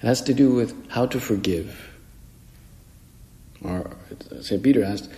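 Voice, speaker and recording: Pausing at length and speaking a little slowly, this priest has a dark-toned, medium-pitched voice. He preaches his homily in a conversational way, voicing the people he quotes, while the hall echoes with long reverb.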